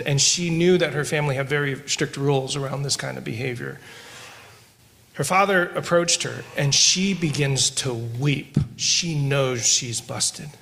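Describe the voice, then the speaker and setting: A man co-hosting a podcast who tells stories while teaching scripture, moving between quick asides and slow, emphatic lines. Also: medium pitch, gravelly, fairly bright tone. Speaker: podcast co-host discussing scripture. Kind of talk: conversational Bible teaching with storytelling.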